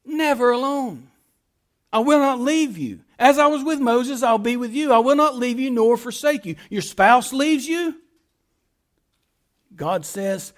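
A very high-pitched man preaches a sermon as a pastor at a measured pace. He swings between loud, emphatic lines and soft, quiet ones, repeating phrases and restarting words.

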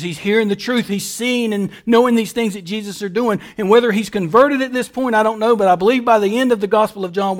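A man pastor preaching a sermon, building emphatic lists and rhetorical questions. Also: high-pitched.

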